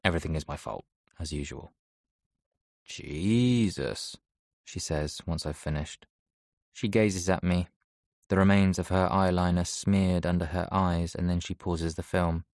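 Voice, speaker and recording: Young man, audiobook narration, first person, soft, subdued, deep voice, dry studio sound. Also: steady tone, moderate pace, dry recording.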